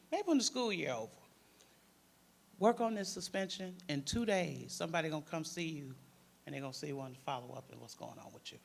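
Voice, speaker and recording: A man's voice: high voice, gravelly, a bit bright. A man with a Detroit accent, a panelist and former crisis worker, telling a story in casual speech and acting out the voices of the people in it.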